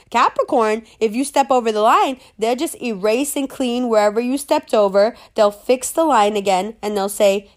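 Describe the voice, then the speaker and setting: A woman's voice: on the high side, moderate pace, few pauses. Brash, profane woman ranting. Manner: brash, profane, sassy, laughs at own jokes. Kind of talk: casual rant to camera.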